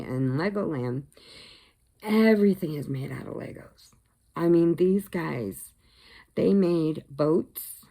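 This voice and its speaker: A middle-aged woman chats through a casual vlog story, animated and quick to laugh at her own jokes. Her voice is low and gravelly, with a relaxed, unhurried delivery. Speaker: crochet vlogger.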